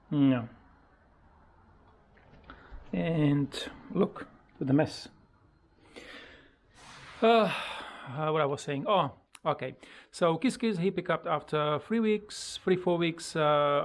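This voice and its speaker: Slow-talking parrot owner with sing-song coaxing. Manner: switches to high sing-song coaxing when talking to the bird; halting, with many fillers and simple grammar. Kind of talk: casual pet vlog.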